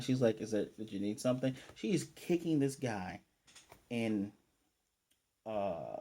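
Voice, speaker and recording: A man giving a casual, animated recap of an anime episode as a reviewer and acting out the characters' lines as he goes. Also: medium pitch.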